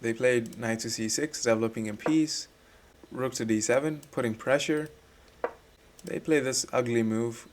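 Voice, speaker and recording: A man reviewing one of his own chess games, explaining his moves step by step in a relaxed voice-over. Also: medium pitch, normal speed, noisy background. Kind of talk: casual game commentary.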